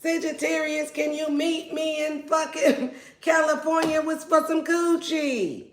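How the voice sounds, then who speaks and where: A woman voicing a needy jilted ex who crudely and loudly begs a former lover to come on a trip. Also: high voice, fairly even intonation, unhurried, a little hiss or hum, voice pushed up. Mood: begging. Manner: pleading, crude, loud. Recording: roomy echo.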